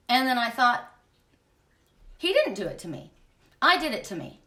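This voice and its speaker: High, lively woman giving a fiery spiritual talk. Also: normal speed, long pauses, echoey room, distant mic. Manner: emphatic, blunt, swears freely. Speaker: spiritual oracle host. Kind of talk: impassioned spiritual monologue.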